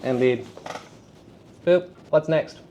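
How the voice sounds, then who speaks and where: A man giving a live drama workshop to high school students, chatty and self-deprecating, often turning to the class with questions. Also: slow pace, mellow, slight background noise.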